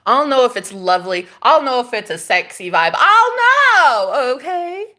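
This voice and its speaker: A woman with a fairly high voice hosts a casual spiritual livestream from a rented room. She is sassy and animated and laughs often, and her pitch leaps up and down as she talks back to her viewers. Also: a little slow. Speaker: livestream host.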